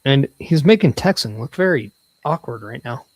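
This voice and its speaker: A man co-hosting a live watch-along show, chatting casually, halting and restarting his words. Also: medium pitch, expressive, a little mellow, a little hiss or hum. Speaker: co-host.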